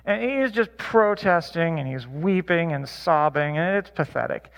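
Man, high voice, church Bible study teacher, chatty, lots of ums and restarts. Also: animated, normal speed, gravelly. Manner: chatty, many fillers and self-corrections. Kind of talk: casual teaching talk with anecdotes.

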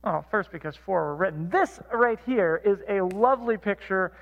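A man with a high, expressive voice leads a church Bible study, speaking at a moderate pace with a creaky quality. He talks casually, full of fillers and self-corrections, mixing teaching with anecdotes. The recording has its highs cut off.

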